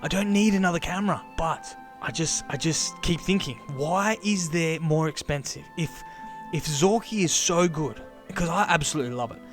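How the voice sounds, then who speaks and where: A young man rambling excitedly to camera, repeating himself as he thinks aloud. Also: a little high, moderate pace, faint music behind. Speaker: camera vlogger. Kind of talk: casual rambling monologue.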